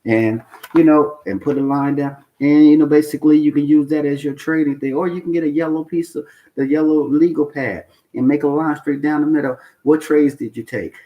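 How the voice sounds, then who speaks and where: A man's voice: fairly high pitch, fairly even intonation, brisk, highs cut off. A man hosting a trading channel who talks unscripted to the camera. He is blunt and emphatic, repeats his points, swears for stress, and keeps checking in with "okay?". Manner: coaching tone, asks "okay?" and "you know why?".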